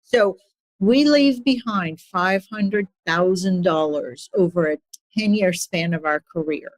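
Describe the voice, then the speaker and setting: A woman's voice: lowish voice, takes it slowly, no room sound. A woman in her forties, an executive coach, telling her story earnestly as a podcast guest. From immigrant to the United States. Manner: earnest, animated when retelling stories.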